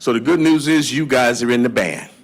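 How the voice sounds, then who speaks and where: Speaking at a medium pitch and a fairly quick clip, a man lectures to a live audience as a blues historian and guitarist. He tells stories in a folksy way and drawls into song, with guitar playing behind him.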